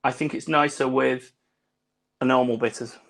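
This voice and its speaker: A man's voice: medium pitch, fairly even intonation, moderate pace, vocal fry, a bit bright. A man co-hosting a casual video-call cocktail chat, rambling and swearing between laughs. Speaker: co-host.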